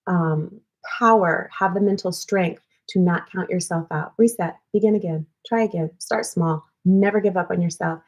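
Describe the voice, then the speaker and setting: A woman's voice: medium pitch, darkish tone. Earnest encouraging woman hosting a livestream. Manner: earnest and encouraging, repeats phrases for emphasis. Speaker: host of a weekly live wellness show. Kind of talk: casual motivational livestream talk.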